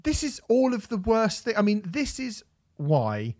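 A man tearing into an album in casual podcast chat, swearing freely. His pitch swings widely as he rants. The delivery is loose and animated. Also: unhurried. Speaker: podcast co-host.

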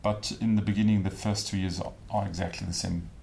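Guest: German-accented man, very low gravelly voice, measured and reflective, light background hiss. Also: fairly even intonation, a little mellow. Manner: thoughtful, searching for words with small restarts. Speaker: classical singer, guest. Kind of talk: reflective interview conversation. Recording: faint background noise.

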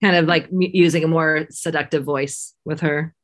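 A woman's voice: sits low, steady tone, normal speed. A woman co-hosting a casual chat about a TV episode, easygoing and full of fillers. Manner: easygoing, many fillers like "you know" and "like". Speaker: podcast co-host.

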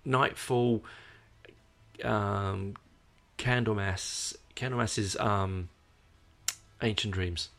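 A man's voice: on the low side, steady tone, drawn-out words, vocal fry, pauses often, fairly bright tone. A tired Australian man chatting casually to his viewers as host, rambling with many hesitations and fillers. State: tired, yawning. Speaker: podcast host.

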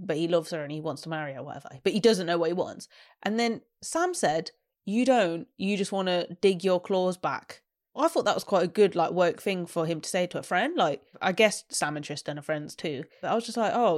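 A young woman, co-hosting a casual chat, asking relaxed questions. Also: on the low side. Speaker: podcast co-host.

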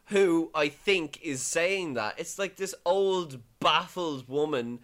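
A podcast co-host in casual, joking chat, swearing freely and drawing out deadpan punchlines. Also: mid-range voice, slow pace.

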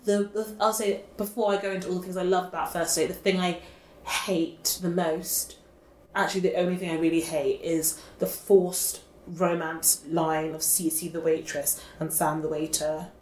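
Woman gabbing on a podcast, lowish voice, echoey room. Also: little pitch movement, moderate pace, a little mellow. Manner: gushing, chatty, fillers like "like" and "oh my God". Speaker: podcast co-host. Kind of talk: casual chat. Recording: roomy echo, faint background hiss.

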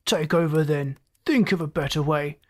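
A narrator doing a roaring, gruff ship's engineer. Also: mid-range voice, normal speed, natural voice. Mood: angry. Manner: roaring, snapping commands. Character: gruff, short-tempered male ship's chief engineer.

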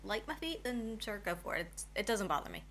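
A woman's voice: mid-range voice, big pitch swings, fast, a bit bright, slight background noise. A woman co-hosting a casual chat, reading questions aloud, easygoing and giggly. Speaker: podcast co-host.

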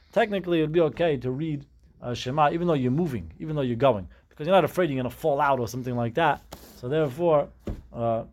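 A man's voice: on the high side, darkish tone. A man teaching a Talmud class, explaining step by step and mixing Hebrew terms into his English.

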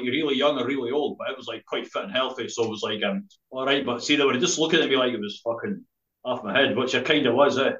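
A man from Dundee with a Scottish accent, a spoken word poet, rambling through a story full of swearing and tagging his sentences with "eh?". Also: mid-range voice. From Scotland. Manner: rambling, laughing, heavy swearing, tag "eh?". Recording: roomy, slightly dull podcast audio.

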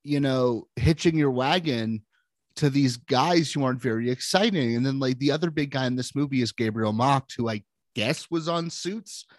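A man's voice: mid-range voice, moderate pace, no echo. A man co-hosting a casual film podcast, wry and opinionated, giving blunt takes. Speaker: podcast co-host.

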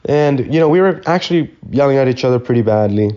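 A man's voice: medium pitch, lively intonation, fast talker, dark tone, lo-fi sound. Slangy young man rambling through a story. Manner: rambling, swears freely, loose slangy talk. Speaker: podcast host. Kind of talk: casual solo storytelling.

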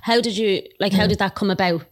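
Fast-talking woman asking questions, reassuring, mid pitch. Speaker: interviewer. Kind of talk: casual interview questions.

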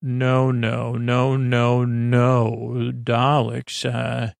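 A man lightly voicing a brisk eccentric male time traveller in an offhand, halting retelling. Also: mid-range voice, monotone, gravelly, clean tone, dry recording. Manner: offhand, halting mock-dialogue.

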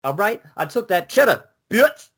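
A man's voice: sits high, very animated, normal speed, fairly bright tone, breathy edge, voice pushed up, exaggerated voice. A man voicing a brash, boastful male gangster rapper in a crude, swaggering way.

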